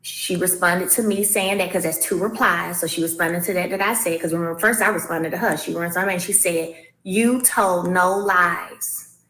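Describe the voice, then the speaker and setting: A woman's voice: fairly low pitch, steady tone, brisk, fairly bright tone, far from the mic. A woman talking casually to her viewers, emphatic and repeating her points as she reads messages aloud. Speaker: vlogger responding to a castmate. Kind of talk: casual vlog commentary. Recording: echoey room, voice off-mic.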